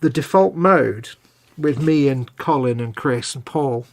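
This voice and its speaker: A middle-aged man with a mid-range voice co-hosts a live hobby stream, speaking a little slowly. His talk is casual banter, full of self-mocking stories.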